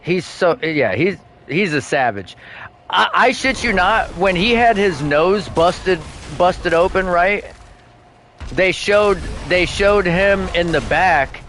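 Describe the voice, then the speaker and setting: A man's voice: high-pitched, slight background noise. A man streaming a game, telling stories in casual chat with lots of swearing and bursts of laughter. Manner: animated, profane storytelling with bursts of laughter. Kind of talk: casual chat while gaming.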